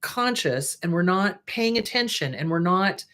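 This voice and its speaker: A woman's voice: fairly low pitch, expressive, measured pace, a bit bright. A middle-aged woman therapist giving frank, emphatic advice straight to her viewers, with playful asides. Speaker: therapist host. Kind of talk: casual advice talk to camera.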